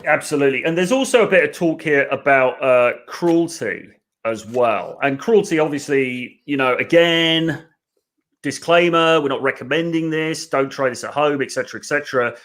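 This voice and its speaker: A man hosting a casual podcast discussion about a book, talking in an animated way and often checking in with "right?". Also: on the high side, normal speed. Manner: animated, conversational, frequent "right?" asides. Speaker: podcast host.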